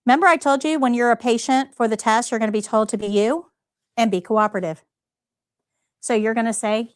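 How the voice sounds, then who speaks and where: A woman's voice: a little high, moderate pace, long pauses, no room sound, clean studio sound. Emphatic woman teaching a nursing class. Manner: emphatic, talks straight to students with rhetorical questions. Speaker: CNA test prep instructor. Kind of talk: live class lecture.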